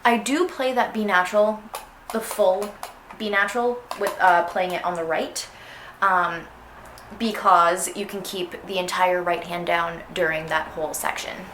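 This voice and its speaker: A woman's voice: lowish voice, fairly even intonation, measured pace, a bit bright. A young woman teaching an orchestral clarinet excerpt in a casual, chatty way, singing phrases aloud to show them. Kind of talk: instructional music lesson. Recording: echoey room with faint noise.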